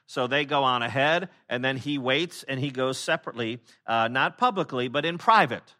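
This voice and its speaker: A pastor preaching a conversational sermon, with many fillers and restarts, who acts out the people he quotes in lively voices. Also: medium pitch, moderate pace, hardly any pauses.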